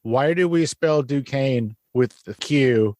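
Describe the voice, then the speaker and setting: A man's voice: medium pitch, a little mellow, no echo, studio quality. A man hosting a podcast, interviewing casually with a teasing, joking manner. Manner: teasing, jokey, quick asides. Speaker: podcast host.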